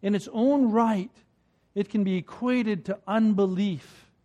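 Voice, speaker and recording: High-voiced man preaching a chatty sermon. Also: steady tone, measured pace, mellow, lo-fi sound. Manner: conversational, repeats words when starting phrases, chuckles between points.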